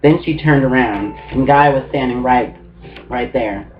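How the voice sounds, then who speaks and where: Casual male book reader; medium pitch, dull sound with guitar under. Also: a little slow. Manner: casual reading with small restarts and asides. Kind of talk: audiobook reading. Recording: muffled with guitar music.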